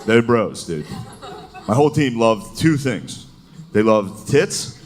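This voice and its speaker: A man's voice: mid-range voice, expressive, takes it slowly. A man doing a live stand-up routine, talking in a loose, profane, conversational way and calling the crowd "dude.". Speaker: stand-up comedian. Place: live comedy venue on stage. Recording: noisy live stage recording.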